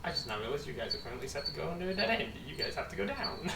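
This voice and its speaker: A man running a tabletop game with a lively, swooping voice and a slightly high pitch, swearing casually and poking fun at himself. He sounds distant from the mic, with room echo and steady background noise. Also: rapid-fire, creaky. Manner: animated, swearing, self-mocking. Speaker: game master.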